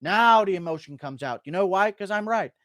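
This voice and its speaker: A man's voice: high voice, lively intonation, a little fast, fairly bright tone, no room sound, studio quality. A man doing an impression of a cocky male fighter taunting an opponent in a needling, mocking way.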